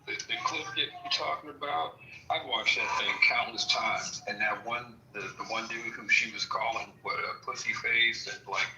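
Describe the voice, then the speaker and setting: Guy on a podcast call, low bright voice, far from the mic, kinda echoey. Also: steady tone, moderate pace, gravelly, lo-fi sound, slight background noise. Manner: laid-back, blunt slang. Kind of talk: casual group chat on a podcast.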